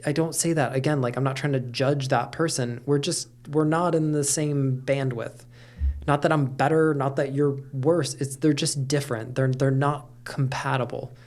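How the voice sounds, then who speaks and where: A man's voice: medium pitch, fairly even intonation, moderate pace, a little mellow. A middle-aged man talking candidly as a podcast guest, with lots of fillers and casual swearing. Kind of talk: casual conversation.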